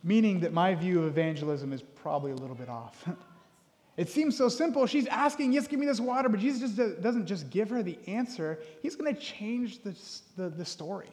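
A man preaching a sermon as pastor, talking in an animated way and acting out the voices of the people in the story. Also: sits high, normal speed. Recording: long hall reverb.

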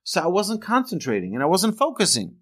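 A man's voice: sits high, huge pitch swings, fairly quick, fairly bright tone, slightly rough, voice pushed up, exaggerated voice. A man doing an anxious, apologetic student. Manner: apologetic, explaining. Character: slow, anxious male student.

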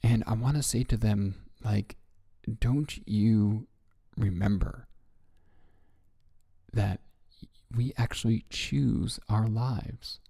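A man hosting a reflective self-help talk, speaking gently and musing with soft laughs. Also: fairly low pitch, takes it slowly, vocal fry, long pauses, breathy edge. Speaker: podcast host.

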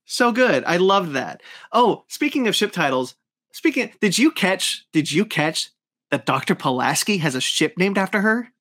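This podcast host's voice sits high and a bit bright, with big pitch swings at a normal pace. In his casual review chat he's strongly opinionated, and his speech is loaded with fillers and restarts.

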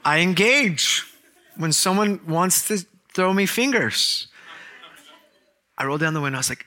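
A man preaching a sermon in church, telling a story with jokes and quick asides. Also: high-pitched, animated, bright, forceful tone. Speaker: pastor.

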